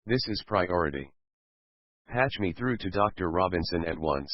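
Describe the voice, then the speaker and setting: A man's voice: low voice, lively intonation, normal speed, dry recording. A man playing a stiff, pushy administrator who gives orders over the radio. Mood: insistent. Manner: stiff, insistent. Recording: dull lo-fi recording.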